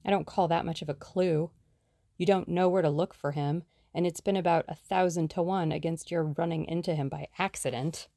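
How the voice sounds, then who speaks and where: A woman's voice: sits low, steady tone, normal speed, mellow, no room sound, studio quality. A woman doing a lazy teasing young man. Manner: teasing, mock-formal.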